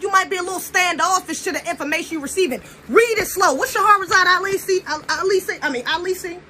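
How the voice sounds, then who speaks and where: A woman's voice: extremely high pitch, sharp tone, a little hiss or hum. A young American woman giving a blunt, preachy, profane casual monologue. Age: young adult. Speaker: commentator.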